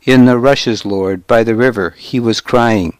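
A man's voice: mid-range voice, measured pace, no echo, close to an everyday voice. A man voicing a humble, nervous male pelt trader who speaks deferentially in an audiobook. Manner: deferential, keeps saying lord.

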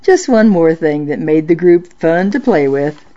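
A woman reading listener-sent nostalgic stories aloud in a measured storytelling narration. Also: low-pitched, expressive, dark tone, muffled recording. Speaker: story reader.

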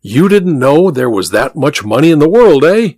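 A man's voice: fairly high pitch, very animated, moderate pace, darkish tone, no room sound, studio quality. A man voicing a hearty, boastful male mining magnate in a storybook reading.

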